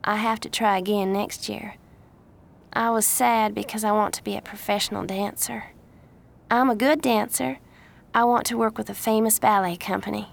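A woman voicing a gentle young Southern woman who speaks softly and warmly. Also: medium pitch, fairly even intonation, normal speed, vocal fry, pitched above the performer's own voice, natural voice. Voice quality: soft, gentle.

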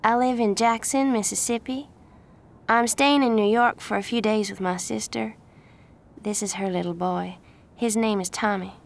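A woman voicing a gentle young Southern woman who speaks softly and warmly. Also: mid-range voice, steady tone, normal speed, gravelly, pitched above the performer's own voice, close to an everyday voice. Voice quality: soft, gentle.

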